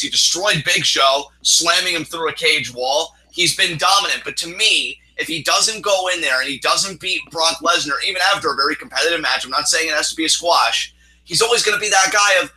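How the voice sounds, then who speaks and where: Heated ranting man, bright tense voice. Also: fairly high pitch, poor audio. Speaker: wrestling podcast co-host. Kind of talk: opinion rant, casual chat.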